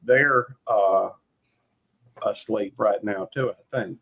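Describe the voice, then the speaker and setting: A man rambling in casual chat, halting with fillers and restarts. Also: on the low side, breathy edge. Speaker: live stream panelist. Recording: dull lo-fi stream audio.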